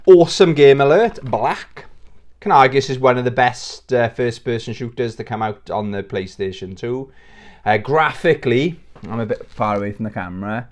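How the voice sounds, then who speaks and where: A British man hosting a casual video channel, rambling and joking at his own expense into a plugged-in microphone. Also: medium pitch. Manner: rambling, jokey, self-mocking. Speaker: YouTube host. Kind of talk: casual vlog chat.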